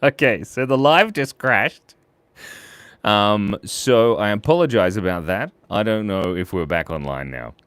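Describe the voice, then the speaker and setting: A playful man talks through a live drawing stream, calling out viewers' names. His voice sits low but bounces around a lot in pitch. He goes quiet and murmuring while he concentrates on the drawing. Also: unhurried, clear, resonant tone, dry recording. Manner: playful and animated, reads out chat names and gives shout-outs.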